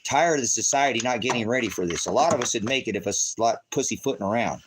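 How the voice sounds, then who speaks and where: A man's voice: mid-range voice, fast talker, background noise. A middle-aged man preaching in casual livestream commentary, rambling, firing off rhetorical questions and breaking into profane outbursts. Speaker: online preacher.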